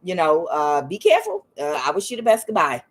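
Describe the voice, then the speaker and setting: Perempuan pembaca tarot yang blak-blakan dan kasar. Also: female voice, wildly swooping pitch, fairly quick, husky. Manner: frank and profane, with quoted asides in a higher voice. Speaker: tarot reader. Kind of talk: casual spiritual reading and storytelling.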